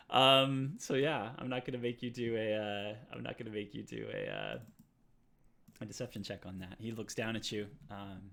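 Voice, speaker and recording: Gravelly low-voiced male game master. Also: lively intonation, a bit bright. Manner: halting, many fillers. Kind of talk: narrating a tabletop game.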